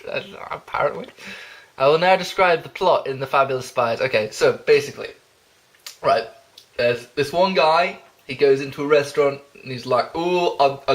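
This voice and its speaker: Young male vlogger, mid-pitched, giggly and rambling, deadpan asides. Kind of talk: jokey self-introduction reading.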